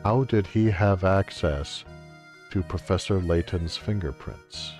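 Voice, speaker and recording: With faint music behind him, a man streams a video game, his low, slightly mellow voice moving slowly. His let's-play commentary is wry and joking, punctuated by exaggerated exclamations.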